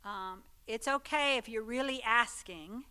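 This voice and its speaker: Woman, Sunday school teacher; bright, crisp voice, chatty, keeps checking in with the class. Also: fairly high pitch, measured pace. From Texas. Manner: conversational, checks in with listeners. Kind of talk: church teaching talk.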